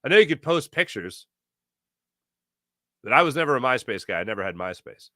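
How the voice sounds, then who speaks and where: A man hosts a sports podcast in a lively, opinionated monologue. His pitch jumps around a lot, and his tone is bright and forceful. The sound is dry and close, with no room around it. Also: brisk, no echo. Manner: animated, opinionated, acts out quoted voices. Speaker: podcast host. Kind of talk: casual sports talk monologue.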